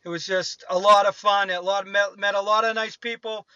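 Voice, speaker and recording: A man's voice: high-pitched, little pitch movement, normal speed, bright, forceful tone, smooth, no echo, highs cut off. A man in his fifties with a Boston accent, calling in to a radio show and chatting in a rambling, friendly way. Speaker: radio caller. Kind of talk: casual call-in chat.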